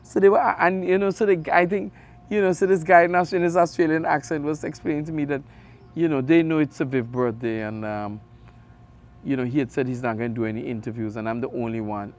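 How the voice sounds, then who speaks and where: A middle-aged man with an Antiguan accent, a radio sports host telling stories in an interview, animated with big jumps in his voice. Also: medium pitch. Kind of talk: conversational interview storytelling.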